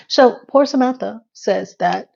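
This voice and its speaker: A middle-aged woman, recapping a TV episode as a casual host. She is candid and animated and swears freely. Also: a little high, creaky, husky. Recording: dull lo-fi sound.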